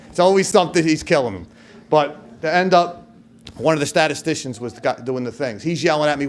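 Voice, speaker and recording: A middle-aged man giving a hall of fame acceptance speech, telling stories and acting out what his old coach shouted. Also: on the high side, fast talker. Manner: storytelling, acts out quoted coach with loud outbursts. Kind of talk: speech at a podium.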